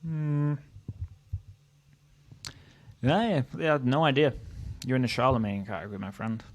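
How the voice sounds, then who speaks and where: A man's voice: mid-range voice, animated, a little slow. A Welsh man from Wales giving casual, opinionated commentary as the host of a history channel, thinking aloud as he goes. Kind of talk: casual tier-list commentary.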